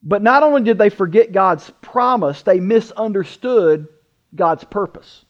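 A man preaching a sermon, emphatic, asking rhetorical questions and slowing down to stress words. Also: high voice, expressive, dull audio. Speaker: pastor.

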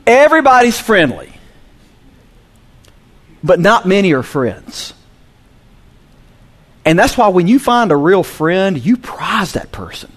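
A Southern US pastor delivers a sermon to his congregation in a lively, high-pitched voice, a little slow and pausing often. He drops into quiet, low asides, then rises to loud, emphatic peaks.

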